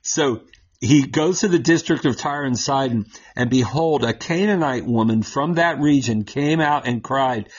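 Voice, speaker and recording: A man with a slightly husky voice walks his co-hosts through a Bible passage, animated and chatty. He keeps checking in with "right?" and laughs as he goes, sitting at a middling pitch. The recording is muffled and lo-fi. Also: unhurried. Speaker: Bible teacher on a talk show. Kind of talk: conversational Bible teaching.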